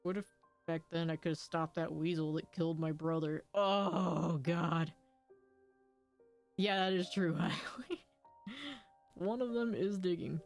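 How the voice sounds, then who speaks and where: A woman's voice: on the low side, a little slow, creaky, soft background music. A woman streaming a game, reading its story dialogue aloud and reacting with laughter and swearing in casual commentary.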